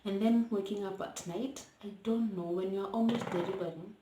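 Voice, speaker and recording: A woman's voice: mid-range voice, moderate pace. Chatty Kenyan woman in a roomy bedroom. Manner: chatty, mixes English with Swahili; hushed at times to let baby sleep. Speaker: vlogger. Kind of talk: casual storytime vlog. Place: child's bedroom at home. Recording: roomy echo, faint noise.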